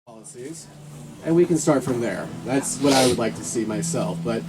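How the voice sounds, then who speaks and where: A man's voice: medium pitch, lively intonation, normal speed, very noisy. A man addressing a gathering outdoors, hesitant and full of fillers as he introduces the next speaker. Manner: hesitant, many fillers and restarts.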